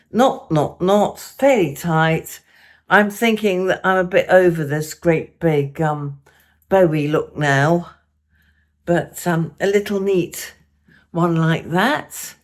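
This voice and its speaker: A woman's voice: on the low side, reverberant. An older woman chatting casually in her home vlog, talking to her viewers in a friendly, self-deprecating way. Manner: chatty, warm-hearted, a little self-deprecating. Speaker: lifestyle vlogger. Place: at home indoors.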